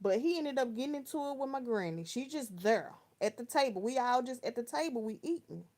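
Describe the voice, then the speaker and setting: Brief: woman, around thirty, from Texas, livestream host, slangy storyteller, slightly high voice. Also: expressive, a little fast, darkish tone. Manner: chatty storytelling with slang, talking to viewers by name. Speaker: live chat host. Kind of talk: casual livestream chat, reading viewer comments.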